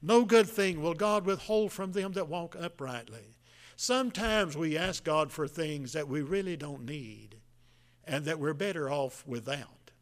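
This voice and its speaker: A man, preaching a sermon in a folksy, halting way, with many restarts and fillers. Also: a little high. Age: 70s. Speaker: pastor.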